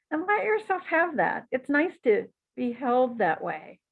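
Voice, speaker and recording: A woman's voice: sits high, very animated, measured pace, vocal fry. Chatty woman teacher on tinny audio. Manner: encouraging and chatty, with frequent asides. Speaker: psychic teacher. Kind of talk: relaxed spoken class talk.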